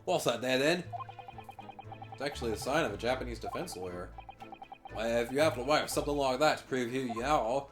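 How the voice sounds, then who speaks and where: A man voicing a jolly Scottish prison governor with a hearty, drawn-out brogue, over game music. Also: mid-range voice, natural voice. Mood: genial. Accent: put-on Scottish.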